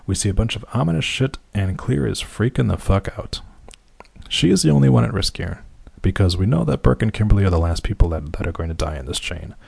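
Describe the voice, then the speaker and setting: A man's voice: fairly low pitch, animated, a little fast, creaky, a little mellow, breathy edge, no echo. A man recapping a film scene by scene in casual commentary, with wry, sarcastic and profane asides. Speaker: movie recap narrator.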